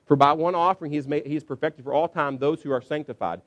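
A man's voice: fast talker, dull audio. A middle-aged man preaching a sermon, telling stories in a conversational way and checking in with the congregation with frequent asides. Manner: acts out quotes with sudden high excited pitch. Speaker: pastor.

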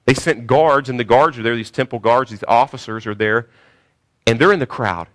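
A man preaching a sermon, swinging from hushed, slow phrases to loud cries, sometimes repeating words as he searches for the next one. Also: mid-range voice. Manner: emphatic, repeats words while searching for them. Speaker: pastor.

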